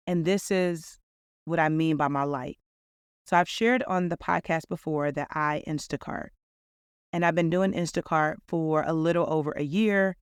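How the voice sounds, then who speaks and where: A woman's voice: lowish voice, clean tone, no room sound, studio quality. A woman hosting a reflective podcast monologue, talking in an earnest, upbeat storytelling way. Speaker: podcast host.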